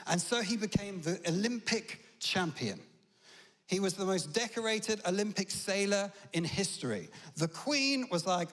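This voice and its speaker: A man's voice: high voice, expressive, normal speed, fairly bright tone. British man preaching in reverberant church. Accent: British English. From Britain. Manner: chatty storytelling, humorous asides. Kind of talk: conversational sermon.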